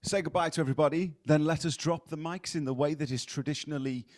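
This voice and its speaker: A man's voice: a little high, steady tone, fast, dry recording, studio quality. A man hosting a casual comedy podcast, cheerful and sweary, leading the chat. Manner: cheerful, sweary, leads the segment. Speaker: podcast host.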